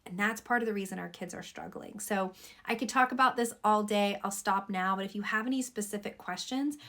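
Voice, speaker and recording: Woman doctor giving earnest parenting advice to camera; some gravel in the voice. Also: mid-range voice, fairly quick, a bit bright. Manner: earnest, advising parents directly. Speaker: pediatrician. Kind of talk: talking to camera.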